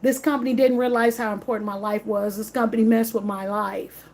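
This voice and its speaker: A woman's voice: fairly high pitch, little pitch movement, a little fast, darkish tone, slight background noise. A woman, vlogging in an emphatic, repetitive, slangy rant straight to camera. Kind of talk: casual direct-to-camera rant.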